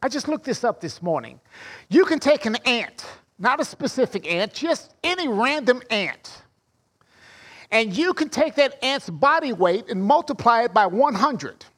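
Male pastor, very high voice, earnest sermon delivery with emphatic quotes. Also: big pitch swings, measured pace, a bit bright. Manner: prays and preaches, stresses quoted phrases.

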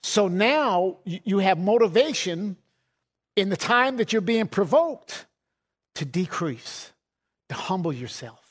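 A man's voice: high voice, sing-song, takes it slowly, husky. A middle-aged man preaching a sermon in a folksy way, laughing often and repeating words as he goes.

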